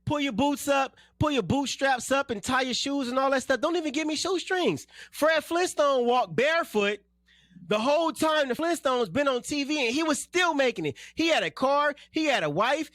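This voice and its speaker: A man's voice: very high voice, expressive, normal speed, a bit bright, no room sound, clean studio sound. A man from South Central Los Angeles giving a blunt, slangy, fired-up radio monologue as host and political candidate.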